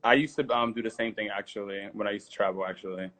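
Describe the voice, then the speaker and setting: A man's voice: fairly low pitch, steady tone, fast, pushed and bright, low-quality recording. A man being interviewed over a remote call, chatting in an easygoing, slightly scattered way. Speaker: guest. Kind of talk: casual interview chat.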